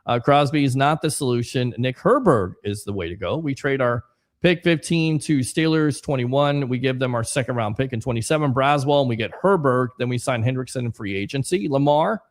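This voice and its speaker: A man's voice: mid-range voice, a little fast. A man hosting a casual sports livestream, chatting and reading viewer comments aloud with rambling asides. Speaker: sports podcast host.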